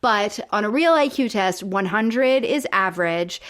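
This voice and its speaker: A woman's voice: mid-range voice, lively intonation, unhurried, fairly bright tone. Chatty woman co-hosting a podcast. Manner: explanatory, lots of fillers and restarts. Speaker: podcast co-host. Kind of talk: casual chat.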